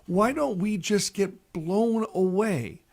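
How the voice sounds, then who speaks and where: Earnest priest with a high voice. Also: male voice, slow pace, vocal fry, darkish tone. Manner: folksy, earnest, many "you know" asides. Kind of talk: radio reflection with storytelling.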